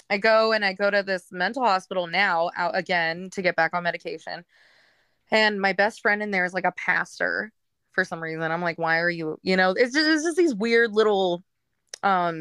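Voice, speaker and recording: A woman with a bright, clear voice tells her own story frankly, her talk loose and full of fillers. The sound is dry and close, with no room around it. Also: mid-range voice, moderate pace, no room sound. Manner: frank, rambling, with frequent fillers and laughs. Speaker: guest telling her recovery story. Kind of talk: candid personal storytelling.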